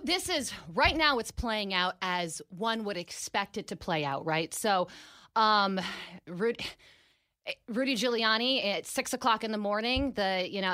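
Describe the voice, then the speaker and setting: A woman's voice: medium pitch, bright, forceful tone, no room sound, studio quality. Breathless woman on talk radio. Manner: breathless, apologetic, quick to laugh. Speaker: radio guest commentator. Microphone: studio microphone.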